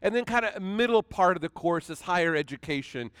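A man pastor preaching a conversational sermon in a high, clear, resonant voice. He restarts phrases often and recites scripture with dramatic weight. The recording is dry, with no room sound. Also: expressive, brisk, a bit bright, no room sound.

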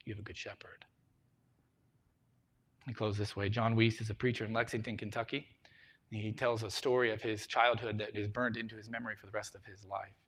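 A middle-aged man preaching a sermon, telling a story and swinging from loud emphasis to a hushed voice. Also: fairly low pitch, little pitch movement, fast talker. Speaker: pastor.

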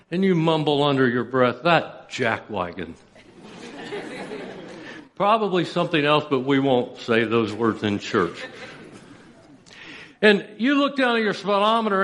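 Male pastor, slightly high voice, storytelling sermon, lingering church reverb. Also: fairly bright tone. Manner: storytelling with dramatic pauses and rising intensity. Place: church sanctuary.

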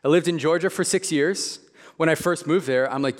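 Man preaching in a reverberant hall. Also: fairly high pitch. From Midwest. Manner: conversational and emphatic, slowing on key phrases. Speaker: pastor. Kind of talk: sermon.

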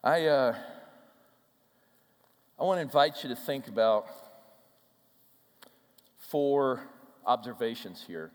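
A pastor delivering a sermon from a church stage, emphatic and often dropping to a hushed voice. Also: male voice, medium pitch, expressive, slow, long pauses. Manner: emphatic, with soft hushed passages. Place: large church hall. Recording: long hall reverb.

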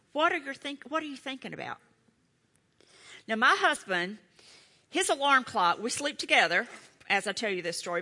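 A middle-aged woman delivers a sermon with a bright, forward voice. Her pitch swings widely as she drives her points home. She stays emphatic and breaks into playful asides to her listeners. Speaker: preacher.

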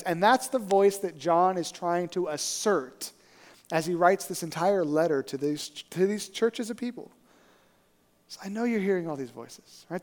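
A man preaching a sermon as a story, conversational and animated, often asking "right?". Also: sits high. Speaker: pastor. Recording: reverberant hall.

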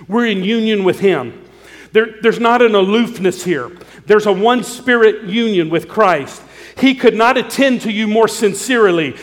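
Pastor, male, high-pitched, earnest pleading sermon delivery, long church reverb.

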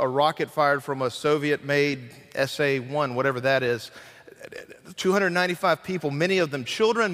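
A man delivers a sermon in a church hall, his voice sitting a little high for a man. He speaks earnestly and dramatically, slowing down to stress key points. A long reverb trails every phrase. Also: fairly bright tone. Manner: earnest, dramatic delivery with acted quotes and slowed emphasis. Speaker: guest preacher.

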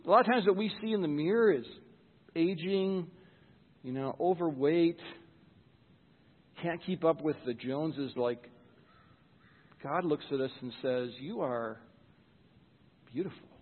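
A man's voice: fairly high pitch, unhurried, pauses often, long reverb tail, narrow, tinny audio. A pastor giving a sermon in church, earnest and conversational, often repeating words as he starts a thought.

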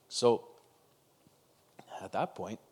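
A man with a notably deep, low-pitched voice recounts a hard personal experience on a video call. He talks haltingly, pausing and restarting as the emotion catches up with him. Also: vocal fry, darkish tone, husky. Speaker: guest telling his story. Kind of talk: personal testimony in a conversation.

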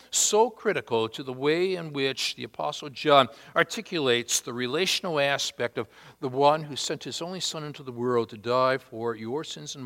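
Emphatic male preacher in a reverberant hall. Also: fairly high pitch. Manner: emphatic, with long pauses and sharp swings from loud to hushed. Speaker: pastor. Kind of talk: sermon.

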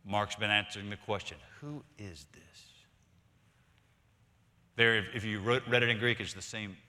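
A man preaching a sermon as pastor, emphatic, swinging from loud to hushed and repeating words for stress. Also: lowish voice, fairly even intonation, quick pace. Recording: long reverb of a large hall.

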